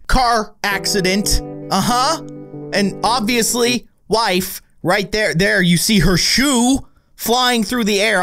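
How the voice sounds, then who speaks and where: Animated man doing let's play commentary. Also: high voice. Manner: animated, exclaiming reactions. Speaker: gaming YouTuber.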